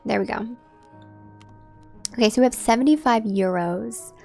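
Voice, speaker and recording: A woman's voice: fairly high pitch, normal speed, creaky, dark tone, soft background music. A woman live-streaming a game, chatting casually and directly with her viewers. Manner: chatty, talks straight to her chat.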